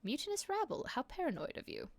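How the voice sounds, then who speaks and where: A woman's voice: extremely high pitch, big pitch swings, fast, no room sound, heavily acted. A woman voicing a haughty female starship captain who gives grand, proclamatory lines from a game. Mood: lofty.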